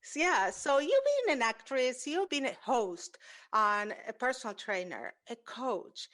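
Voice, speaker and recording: A woman's voice: fairly high pitch, animated, a little slow, fairly bright tone. A woman hosting an interview podcast, a native Spanish speaker talking in an earnest, reflective way. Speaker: podcast host. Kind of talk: conversational interview.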